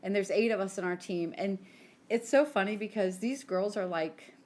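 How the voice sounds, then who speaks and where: This is casual chat from a podcast co-host, a woman in her forties who tells stories chattily, peppering them with "like" and performing the quotes. She has a medium pitch, a darkish tone and a normal speed.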